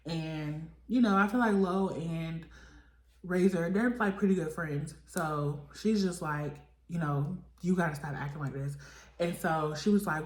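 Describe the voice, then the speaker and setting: A woman's voice: low voice, unhurried, darkish tone. A young woman giving a casual reality-show recap, chatty and full of fillers, acting out the cast's lines as she goes. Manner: chatty, filler-heavy, voices the cast in quotes. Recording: echoey room.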